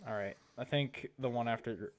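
A man's voice: mid-range voice, moderate pace, slight background noise. A teenage boy doing casual reaction commentary, rambling and chatty, laughing at his own jokes. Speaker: YouTuber reacting to videos.

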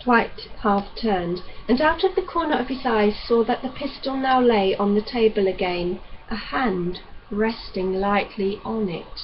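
A woman reads a novel aloud in an even, unhurried manner, her voice sitting in the middle of the range. The recording sounds dull and lo-fi, with a faint hiss underneath. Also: mid-range voice. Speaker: audiobook reader.

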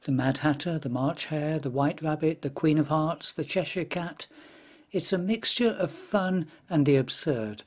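A man giving measured, explanatory scripted narration about a classic book. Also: fairly high pitch. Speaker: literary commentator.

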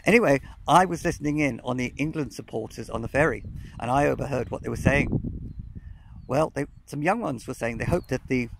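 A man's voice: medium pitch, fairly quick, gravelly, noisy background. Chatty man vlogging outdoors on a phone. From Wales. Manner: chatty, rambling storyteller with many fillers. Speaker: cycling vlogger. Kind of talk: casual outdoor vlog monologue. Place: outdoors in remote countryside. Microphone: phone camera.

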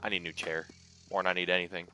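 A man's voice: sits low, level tone, racing, pushed and bright, soft background music. A man streaming a game live, chatting casually, swearing and talking to the animals on screen. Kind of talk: live gameplay commentary.

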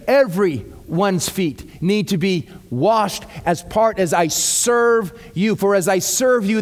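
A male pastor giving a sermon. He reads scripture slowly, then breaks off into lively, casual asides. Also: sits high.

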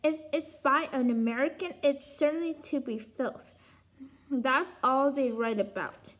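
A sneering, short-tempered father in a read-aloud storybook snaps out his lines, voiced by a woman reader. The voice stays high. The pace is slow and deliberate. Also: fairly bright tone. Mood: scornful. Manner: snapping, scornful. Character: gruff bullying father, middle-aged man.

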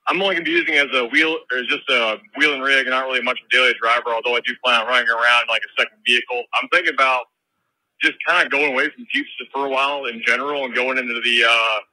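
A man's voice: mid-range voice, steady tone, quick pace, bright, forceful tone, no echo, low-quality recording. A man who drives trucks, leaving a rambling voicemail from his cab in a put-on accent and swearing casually. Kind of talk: voicemail message. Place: truck cab while driving.

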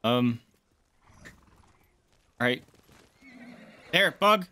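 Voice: mid-range voice, expressive, extremely slow, bright, forceful tone, a little hiss or hum. A game streamer chatting casually on a live stream, often cooing baby talk at a pet dog between gameplay remarks.

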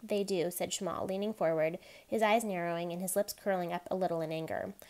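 A woman reading a novel aloud in steady, quiet narration. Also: lowish voice, brisk. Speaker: reader.

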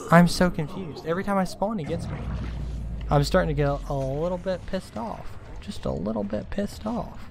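In this frustrated let's play, a man hosting gaming videos grapples with a confusing horror game, cursing repeatedly and complaining rhetorically as his exasperation builds. He has a high-pitched, creaky voice with lively intonation at a moderate pace, and background noise can be heard.

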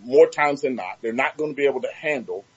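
A man's voice: medium pitch, lively intonation, fast talker, husky, lo-fi sound. A man from Miami hosting an interview, talking reflectively and searching for his words. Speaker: host. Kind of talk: casual interview talk.

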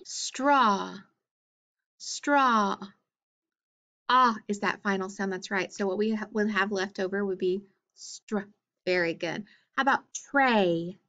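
A woman teacher leading a phonics drill, speaking slowly and deliberately, sounding out letters one by one and praising each answer. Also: medium pitch, a bit bright, dull audio.

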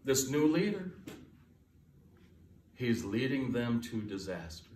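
A man's voice: mid-range voice, very animated, slow pace, darkish tone, far from the mic, a little hiss or hum. Emphatic male preacher in echoey church. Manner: emphatic, repeats key lines, folksy asides. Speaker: guest pastor. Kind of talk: sermon. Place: church sanctuary.

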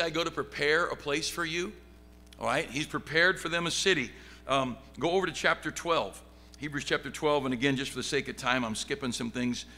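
A middle-aged pastor teaching a Bible study, reading scripture aloud and swinging from loud excitement to quiet asides. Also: male voice, medium pitch. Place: church sanctuary. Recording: long hall reverb, faint background hum.

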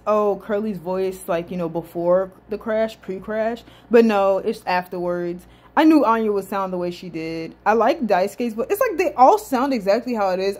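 A woman giving casual, animated reaction commentary as a video host, swearing and laughing often. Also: medium pitch.

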